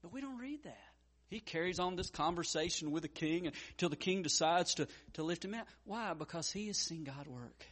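Animated preaching man, swinging loud to hushed. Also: on the high side, normal speed. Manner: frequent stammered restarts. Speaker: pastor. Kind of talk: sermon.

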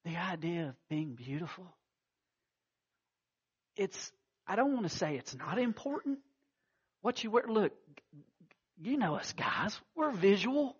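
Man, pastor, sermon, storytelling, husky, dull recording. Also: high-pitched, lively intonation, unhurried, long pauses. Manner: storytelling with acted quotes, many restarts.

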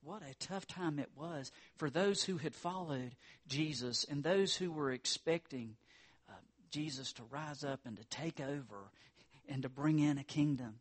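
A man's voice: fairly high pitch, measured pace, slightly rough. A man preaching a sermon as pastor, earnest, lifting his voice for emphasis.

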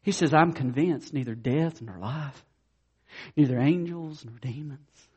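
A man preaching a sermon as a pastor, fervent and excitable, swinging between loud peaks and hushed lows, calling his listeners "guys" and "man". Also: a little slow, husky.

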